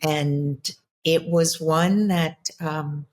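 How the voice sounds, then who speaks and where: A woman's voice: low-pitched, fairly even intonation, extremely slow. A middle-aged woman, a spiritual coach, telling a personal story in an interview in an earnest, reflective way with many restarts. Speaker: ancestral healer and spiritual coach.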